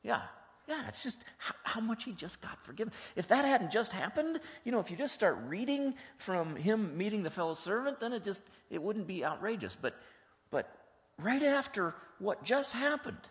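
A man's voice: high-pitched, lively intonation, moderate pace. Man preaching in an echoing church. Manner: asks the congregation many questions, talks in a plain, chatty way. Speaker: pastor. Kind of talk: conversational teaching sermon. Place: church sanctuary. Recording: long hall reverb, dull lo-fi sound.

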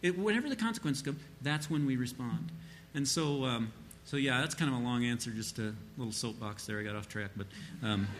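Bright-voiced man teaching parents. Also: mid-range voice, expressive, a little fast, hardly any pauses, a little hiss or hum. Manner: rambling, many fillers, acts out quoted parents and children. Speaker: church speaker answering a question. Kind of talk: informal sermon-style teaching.

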